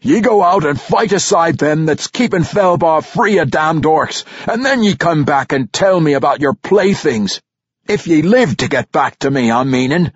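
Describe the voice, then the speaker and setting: A man voicing a gruff, stern male dwarf king who shouts and scolds in a dwarven dialect. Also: a little high, expressive, normal speed, dry recording, muffled recording, voice pushed up.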